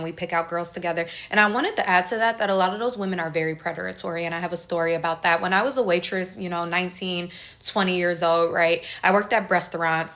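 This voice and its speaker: A woman telling a casual storytime, animated and acting out the voices of the people she quotes. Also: lowish voice. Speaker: storytime creator.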